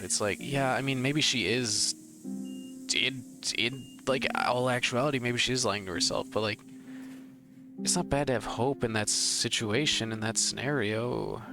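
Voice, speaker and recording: A man's voice: medium pitch, measured pace, gravelly. A young man giving emotional, rambling gameplay commentary, arguing with the characters on screen. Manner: rambling, heated, talks to the screen. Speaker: let's play gamer. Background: game music.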